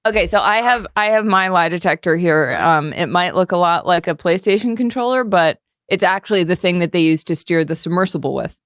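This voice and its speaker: A woman's voice: on the low side, a little fast, few pauses, a bit bright, no room sound. Female sports co-host, wry and upbeat, dry close-mic sound. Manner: wry and upbeat, laughs often. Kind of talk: comedic sports chat.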